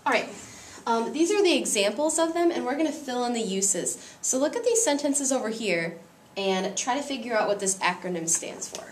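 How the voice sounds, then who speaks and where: A woman's voice: fairly high pitch, lively intonation, moderate pace, echoey room, recorded from a distance, slight background noise. A woman teaching a Spanish grammar lesson, patiently explaining each step.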